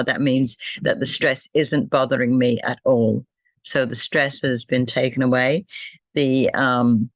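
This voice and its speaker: An older woman who is an energy healer gently guides a self-healing demonstration, softly repeating affirmations and thank-yous. Her voice is very deep, with no echo.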